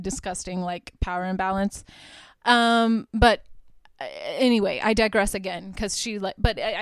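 A woman's voice: medium pitch, clean tone, no room sound. Chatty, irreverent woman podcast host. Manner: chatty and irreverent, swears freely. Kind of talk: casual solo movie recap.

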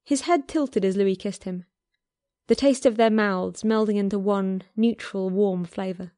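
A woman reading a romance story aloud in a calm, measured voice. She takes her time over every line, at a middle pitch, and the recording is dry and close with no room echo. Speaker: fan fiction reader.

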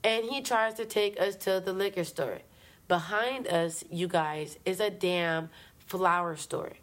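A woman co-host telling a story in casual chat, animated, profane and slangy, acting out her own past lines. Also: lowish voice, measured pace.

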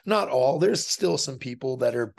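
A man's voice: medium pitch, animated, moderate pace, vocal fry, darkish tone. A man speaking as a podcast guest in a casual interview, blunt and profane, often acting out other people's voices as he explains his point. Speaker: podcast guest, fighter and dog trainer.

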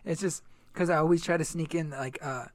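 A man's voice: fairly high pitch, a little fast, no room sound. A young man in casual chat, laid-back and joking with plenty of swearing.

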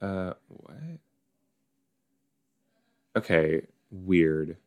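Low, slow-talking man reacting chattily. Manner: chatty, animated, many likes and you knows. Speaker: podcast host reacting to an episode. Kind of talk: casual watch-along reaction.

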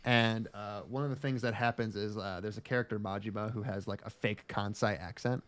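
A young man co-hosting a podcast in casual chat, profane and animated, often acting out quotes in silly voices. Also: lowish voice, fairly quick. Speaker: podcast co-host.

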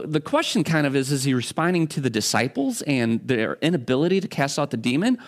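A man preaching a sermon as a pastor, talking in a conversational, halting way with frequent restarts. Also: a little high.

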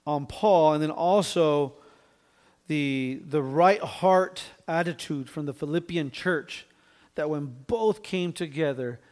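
With a somewhat high, darkish-toned voice, the pastor preaches through the text one verse at a time. Quick "right?"s keep his audience engaged, and he occasionally clears his throat.

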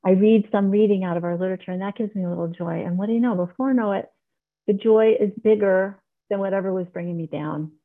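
A woman's voice: mid-range voice, fast. A middle-aged woman giving an earnest, heartfelt personal share as a member of a recovery meeting, speaking on a video call. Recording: tinny online call audio.

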